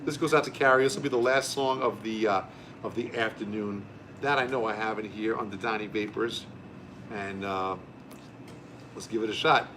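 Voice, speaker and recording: A man's voice: on the low side, fairly even intonation, moderate pace, noisy background. A man hosting a live music stream, chatting effusively between songs and reading viewer comments aloud.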